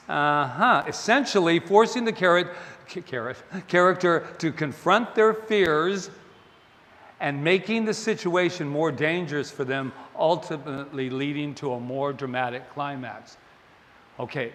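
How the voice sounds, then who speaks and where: A man giving a sermon as a minister, telling a story in an animated, playful way. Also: a little high, measured pace, a little hiss or hum. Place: spiritual center sanctuary. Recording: long hall reverb, faint ambience.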